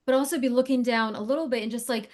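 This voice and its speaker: A woman with a slightly high voice speaks as a casting guest on a casual podcast. She drifts off topic and fills her talk with "like" and "um". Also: fairly even intonation, quick pace, a little mellow. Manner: chatty, digressive, many fillers like "like" and "um". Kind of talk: casual interview conversation.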